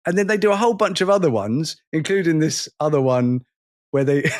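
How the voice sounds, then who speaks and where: A man co-hosting a podcast in easygoing chat. His voice sits slightly high and jumps around a lot as he retells bits from old shows, laughing as he goes. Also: moderate pace, no echo, studio quality. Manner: animated, laughs often, mimics show lines. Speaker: podcast co-host. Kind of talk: casual chat.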